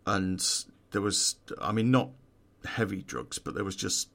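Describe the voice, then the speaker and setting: Low gravelly man telling a story. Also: lively intonation, measured pace, a bit bright. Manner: profane, laughing at his own story. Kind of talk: casual true-crime storytelling.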